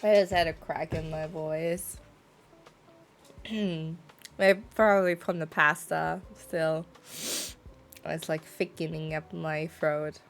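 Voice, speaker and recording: A woman's voice: low-pitched, steady tone, slow pace, a little hiss or hum. A young woman streamer chatting casually, giggling often and rambling through her stories. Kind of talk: casual chat on a game stream.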